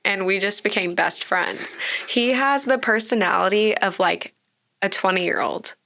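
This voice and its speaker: A young woman in her twenties with a light Texan accent, talking casually as a podcast guest. Her voice sits at a middle pitch, and she tells stories in a loose, chatty way, with "like" in almost every sentence. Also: measured pace, creaky, sharp tone, a little hiss or hum. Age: 20s. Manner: chatty storyteller, heavy use of "like". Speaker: podcast guest, bartender and content creator. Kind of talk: casual interview chat.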